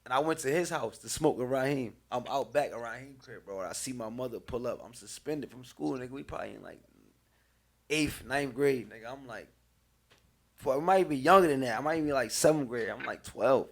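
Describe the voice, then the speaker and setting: A man's voice: mid-range voice, brisk, slightly rough. A man in a casual podcast chat, telling profane childhood stories with laughter. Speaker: podcast guest. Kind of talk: casual smoke-session chat.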